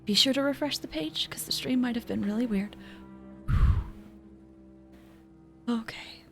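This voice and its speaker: A woman streaming a video game live, excitable and giggly, squealing and chatting to her viewers. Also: a little high, unhurried. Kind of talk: live gaming commentary. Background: game music.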